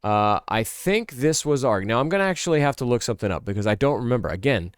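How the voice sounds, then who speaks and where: A man's voice: medium pitch, animated, fast, smooth, no echo, clean studio sound. A man chatting casually as a streamer, rambling and thinking aloud, often correcting himself mid-sentence. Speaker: streamer ranking a series. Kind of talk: casual chat.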